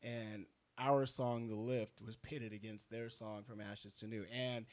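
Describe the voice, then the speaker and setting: A man's voice: on the low side, little pitch movement, measured pace, darkish tone. Man telling a rambling band story. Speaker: band member. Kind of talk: casual interview talk.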